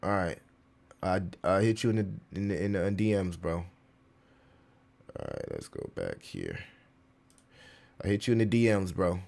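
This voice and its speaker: Here the crypto livestream host sounds low and fairly quick, animated as he swears, slings slang, and reads out what his chat is saying.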